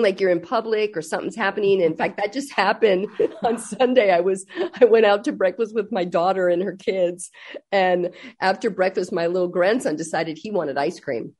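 An older woman talking as a guest in a casual chat, telling family stories in an animated way and acting out what people said. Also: medium pitch, moderate pace. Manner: animated storyteller acting out quotes.

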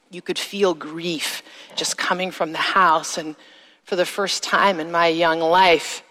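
A woman's voice: on the low side, fairly bright tone. Woman telling her story in a reverberant hall. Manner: slow, emphatic storytelling with drawn-out phrases. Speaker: speaker giving a testimony. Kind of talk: spoken testimony to an audience. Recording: long reverb of a large hall.

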